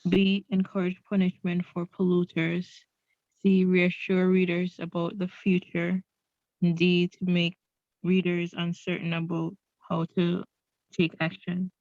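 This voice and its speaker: A woman reading a multiple-choice quiz question aloud in an even, measured way. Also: lowish voice, no room sound, lo-fi sound.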